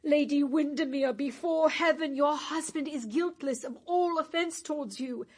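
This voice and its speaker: A woman's voice: high-pitched, moderate pace, lightly acted. An actress playing a worldly woman with a shameful past, pleading urgently and with passion in a stage drama. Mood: earnest.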